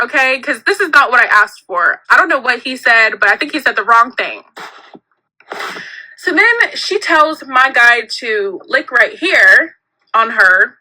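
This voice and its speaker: A young woman telling a personal story in an animated, giggly way, acting out what people said. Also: sits high, rough recording. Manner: animated, giggly, acts out quotes.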